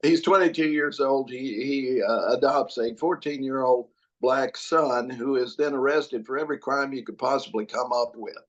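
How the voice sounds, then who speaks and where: A man guesting on a podcast, hammering his points home by repeating words and swearing freely. His voice sits at a middle pitch, and the audio comes through somewhat dull and muffled. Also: moderate pace, few pauses. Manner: emphatic and profane, repeats phrases for force. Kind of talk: casual political chat.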